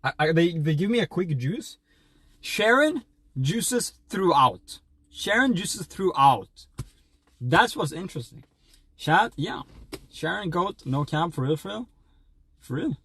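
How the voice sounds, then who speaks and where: A man's voice: fairly high pitch, animated, normal speed, creaky, fairly bright tone, slightly rough, no room sound. A young man from Sweden, chatting playfully as a streamer and reading donations in a rambling way. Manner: rambling, playful, stumbling restarts. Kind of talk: casual livestream chat, reading donations.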